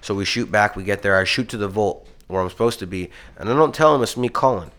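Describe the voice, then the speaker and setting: A man's voice: fairly low pitch, quick pace, fairly bright tone. A young man co-hosting a casual podcast, telling a heated rambling story full of swearing. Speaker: podcast co-host.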